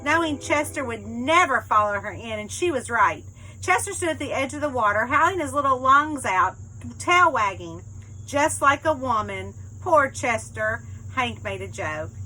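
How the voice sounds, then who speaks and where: A woman author narrating her own novel in the first person, with lively, expressive storytelling. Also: a little high, moderate pace, a little hiss or hum, rough recording. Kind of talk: first-person book reading.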